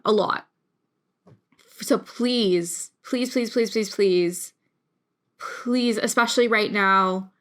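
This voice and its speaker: Rambling young woman with gravelly fry. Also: mid-range voice, a bit bright. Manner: rambling, emotional, many restarts. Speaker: YouTube creator. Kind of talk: casual talk to camera.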